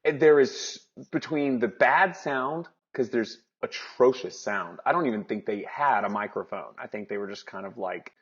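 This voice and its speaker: A man chatting casually about films on a podcast, his thoughts tumbling out in restarts and laughter. His voice sits at an ordinary middle pitch. The recording is dull and lo-fi. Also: normal speed, hardly any pauses, breathy edge. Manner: rambling, self-interrupting, laughs often. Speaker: podcast co-host. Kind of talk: casual movie review chat.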